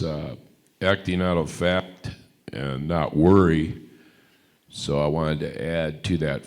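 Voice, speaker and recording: A man with an extremely deep voice speaks up in a chapel discussion. He sounds thoughtful and personal, adding to what the leader said. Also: a little mellow. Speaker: congregation member commenting. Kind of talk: reflective comment in a group discussion.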